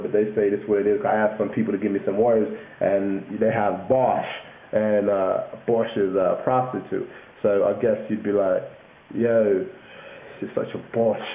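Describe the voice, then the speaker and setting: A man's voice: on the low side, fairly even intonation, a little slow, roomy sound. Joking young man on tinny webcam audio. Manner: jokey, laughing, puts on mock London voices for examples. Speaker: YouTuber. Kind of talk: casual vlog explaining slang.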